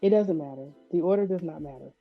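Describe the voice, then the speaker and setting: A woman's voice: fairly low pitch, quick pace, soft background music. A woman co-hosting a podcast in casual chat, blunt and matter-of-fact with a joking edge. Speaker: podcast co-host. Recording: dull lo-fi sound.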